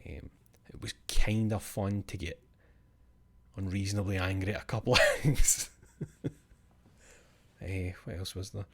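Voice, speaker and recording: A man's voice: low voice, a little slow, pauses often. A male streamer chatting casually after a live show, rambling, sweary and self-mocking.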